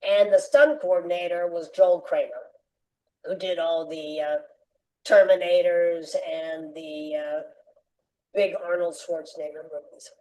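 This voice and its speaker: A woman's voice: fairly low pitch, a little slow, low-quality recording. An older woman telling a long personal story as a podcast interview guest, acting out the voices of the people she quotes. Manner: lively anecdotal storyteller, acts out quoted voices.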